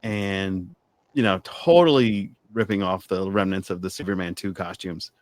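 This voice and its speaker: A man's voice: sits low, normal speed, no room sound. A man co-hosting a podcast, chatting casually and laughing easily. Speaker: podcast co-host. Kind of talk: casual chat.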